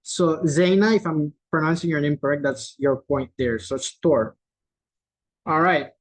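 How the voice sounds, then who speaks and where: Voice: mid-range voice, rough recording. A host running a quiz game over a video call, repeating each clue and tagging lines with "right?" in a loose, chatty way. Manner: repeats each clue slowly, reading out answers from the chat. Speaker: game host at a virtual conference. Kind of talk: casual hosting of a chat quiz game.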